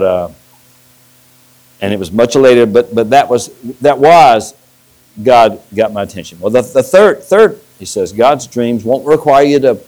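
A man's voice: medium pitch, a little mellow, rough recording. A middle-aged man, a pastor, preaching a sermon and telling stories with restarts. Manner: storytelling with restarts and acted-out quotes.

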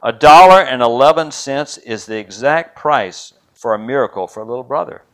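A man voicing a gentle, well-dressed male surgeon who reassures a child in a read-aloud story. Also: medium pitch, lively intonation, moderate pace, lightly acted. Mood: kindly.

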